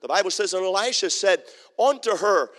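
A pastor with a high-pitched voice preaches a sermon a little fast, his words filling a big room. He tells funny stories in an animated way, voicing the characters through acted-out quotes, in a church sanctuary.

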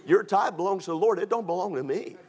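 Speaking quickly in a high-pitched, slightly mellow voice with lively intonation, this man preaches in a folksy, funny manner. As a pastor giving a story-driven sermon, he performs each character's lines.

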